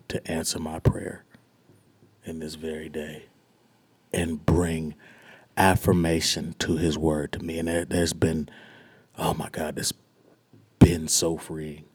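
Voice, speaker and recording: A young man, a pastor, sharing a personal testimony with a small group in an earnest, searching way, often dropping his voice to a hush. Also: very deep voice, little pitch movement, slow pace, pauses often, breathy edge. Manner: earnest and searching, often dropping to a hushed, near-whispered delivery.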